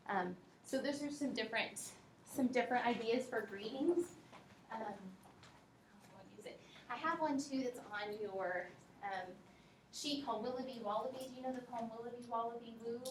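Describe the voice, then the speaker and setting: A woman teacher giving a workshop presentation to other teachers, talking in a relaxed, practical way and speaking straight to her audience. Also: a little high, a little hiss or hum. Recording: echoey room, mic from a distance.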